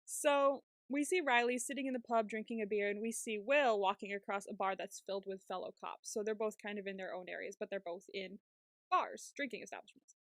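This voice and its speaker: A woman's voice: medium pitch, fairly even intonation, fairly quick, no room sound, studio quality. A woman co-hosting a podcast, recapping a TV episode in casual chat, acting out the characters' lines and laughing often. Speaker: podcast co-host.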